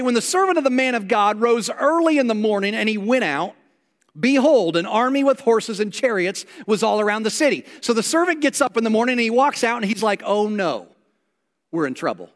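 Animated high-voiced preacher in a reverberant hall. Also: male voice, brisk. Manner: animated storytelling preacher, acts out quoted lines. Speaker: pastor. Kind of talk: sermon. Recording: long reverb of a large hall.

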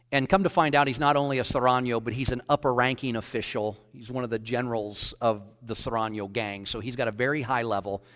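A man's voice: medium pitch, long reverb tail. A man preaching as a pastor, telling a story and acting out the dialogue of the people in it. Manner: animated storyteller, quoting others in dialogue. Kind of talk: sermon storytelling.

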